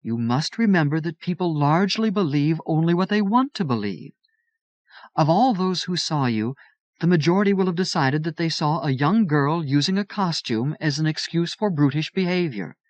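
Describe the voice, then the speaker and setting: A man reading the part of a calm, wise aunt in a crisp, pleasant, measured voice. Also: a little high, no echo, voice pushed up, natural voice. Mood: calm, reassuring.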